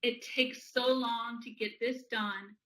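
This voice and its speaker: A woman's voice: a little high, slow pace, poor audio. A woman voicing a frustrated schoolchild venting. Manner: complaining, then talking self into calm. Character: frustrated schoolchild angry at homework.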